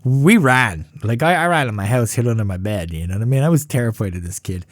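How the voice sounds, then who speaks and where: Man in his fifties, casual profane storyteller, lively pitch, dry close sound. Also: fast, dry recording. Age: 50s. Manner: profane, laughing, animated. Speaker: podcast host.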